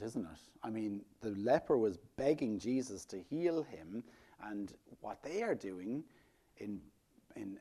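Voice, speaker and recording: A man preaching a sermon, lively and rhetorical, often putting questions to his listeners. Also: medium pitch. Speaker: pastor.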